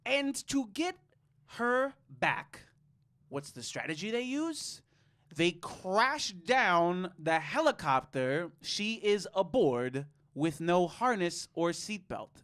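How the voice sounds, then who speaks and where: Bright, sarcastic man riffing on a movie. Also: high voice, sing-song, slow pace. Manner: laughing, sarcastic, swears freely. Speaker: podcast co-host. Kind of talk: casual movie review chat.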